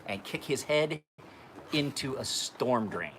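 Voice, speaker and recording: A man's voice: expressive, slow pace, a bit bright. A man telling rambling, profane stories while sharpening knives on a live stream. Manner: profane, rambling anecdotes, acts out other voices in high tones. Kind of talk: casual livestream storytelling. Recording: faint background noise.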